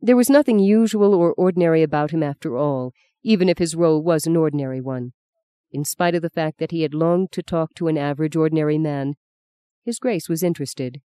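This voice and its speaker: With a smooth, medium-pitched voice, the narrator reads a literary novel aloud at an even, measured pace. There's no echo.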